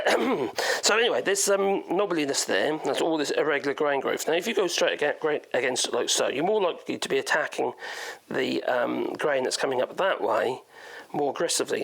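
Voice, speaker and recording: Gravelly Norfolk man in the workshop. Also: a little high, lively intonation, fairly quick, fairly bright tone. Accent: Norfolk English. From Norfolk, England. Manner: chatty, rambling, thinks aloud. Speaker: woodworker. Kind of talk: workshop demonstration.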